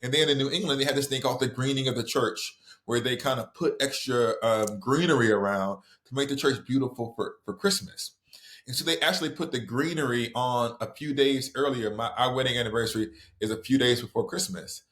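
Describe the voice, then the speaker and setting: A middle-aged man from the American South with a Southern accent, an author guest telling a story in conversation, lively and full of restarts. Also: mid-range voice. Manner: animated, quick storytelling with many restarts.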